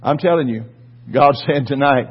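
Fervent preacher, husky voice. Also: male voice, medium pitch, moderate pace, lo-fi sound. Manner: fervent, swings from quiet to shouting. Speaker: pastor. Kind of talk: sermon.

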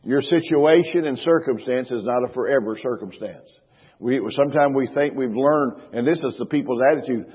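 A middle-aged man preaching a sermon as pastor, emphatic, slowing down to stress scripture and repeating phrases. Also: mid-range voice, breathy edge. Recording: reverberant hall, dull lo-fi sound.

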